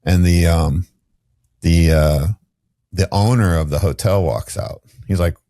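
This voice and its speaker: Male podcast host, very low voice, dry close recording, blunt storyteller. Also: unhurried, mellow, no room sound. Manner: candid storytelling, casual and blunt. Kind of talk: podcast conversation.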